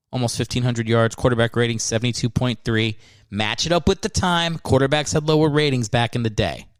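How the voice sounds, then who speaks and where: A man's voice: mid-range voice, dry recording. Sarcastic, profane male podcast host. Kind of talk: solo comedic podcast monologue.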